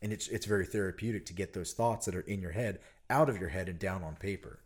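A man, a parent, telling a personal story in casual conversation, earnest and animated, getting loud when he quotes himself. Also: low voice, fast talker. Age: adult parent. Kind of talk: casual chat.

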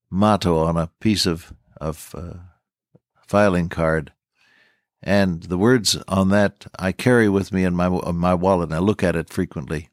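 Older man preaching, low voice. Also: no room sound, clean studio sound. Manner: folksy, earnest, repeats key lines. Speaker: radio preacher. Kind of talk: radio Bible teaching.

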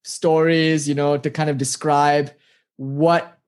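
A spiritual teacher giving a talk built around parables. The speaker is animated and casual, with plenty of fillers, and keeps turning to the listener with rhetorical questions. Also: medium pitch, slow pace, smooth.

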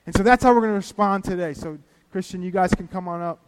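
A man's voice: high-pitched, quick pace, clean tone, in a large hall. A man preaching a sermon and telling a story from his own week, animatedly acting out the prayers he said. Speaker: pastor.

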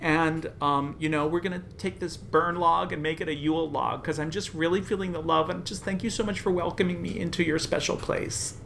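Guy improvising, bright voice, gushy and over the top, low rumble in the back. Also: fairly even intonation, brisk, gravelly, hardly any pauses. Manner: gushing, earnest, theatrical. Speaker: improv actor playing a temp. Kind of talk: improvised comedy scene.

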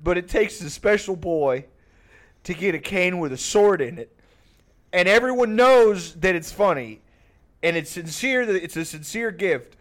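A man's voice: sits high, expressive, a little slow. A man telling a long, rambling, profane family story on a podcast, laughing often. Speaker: podcast host. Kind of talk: casual storytelling.

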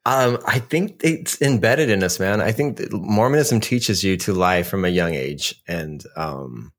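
A man's voice: deep voice, lively intonation, unhurried. A young adult man co-hosting a podcast, easygoing and chatty, who laughs often and calls his friend "man" and "dude". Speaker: podcast co-host. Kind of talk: casual chat.

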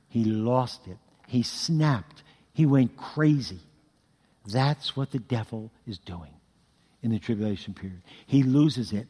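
A man preaching a sermon, telling scripture stories in an animated way with vocal sound effects. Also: medium pitch, unhurried, breathy edge. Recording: long hall reverb.

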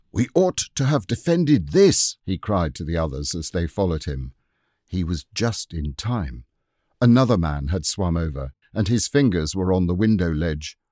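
A man narrating a classic children's story as an audiobook reader, in a measured, expressive way. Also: low voice, no room sound, clean studio sound.

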